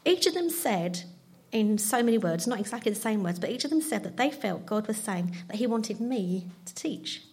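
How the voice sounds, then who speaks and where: A woman's voice: medium pitch, lively intonation, normal speed, darkish tone, husky. Woman, 50s, church testimony, chatty, self-deprecating. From London. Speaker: church speaker. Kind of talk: personal testimony talk.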